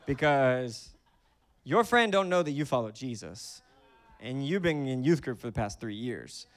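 A man's voice: medium pitch, sing-song, measured pace. A man in his thirties preaching a conversational sermon, acting out voices in his stories. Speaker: pastor.

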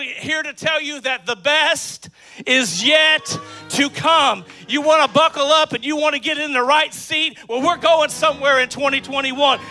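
A man preaching an energetic sermon to a church congregation, often shouting. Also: very high voice. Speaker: pastor. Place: church sanctuary with live congregation.

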